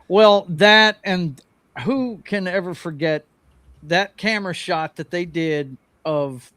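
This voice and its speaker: A man's voice: high-pitched, takes it slowly, fairly bright tone, dry recording. A man in a casual chat, enthusiastic and exclaiming.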